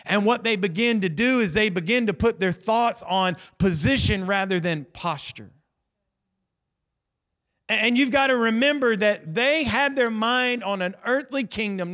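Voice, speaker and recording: A male pastor, preaching a sermon and telling the story in a lively, conversational way, acting out the voices of the people in it. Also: sits high. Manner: animated storytelling, acts out quoted voices; conversational, addresses the congregation directly.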